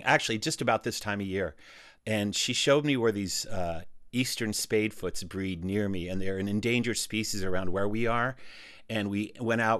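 A man who is a storyteller and musician, chatting in a relaxed, rambling way with many fillers as a radio guest from his own studio. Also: lowish voice, no echo. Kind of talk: casual radio interview chat.

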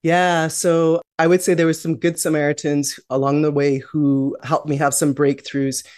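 A woman's voice: deep voice, level tone, normal speed, a little mellow, no echo, clean studio sound. A middle-aged woman, a guest in an interview, telling her life story in a reflective, candid way. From Canada. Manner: reflective, candid, with frequent restarts and "you know".

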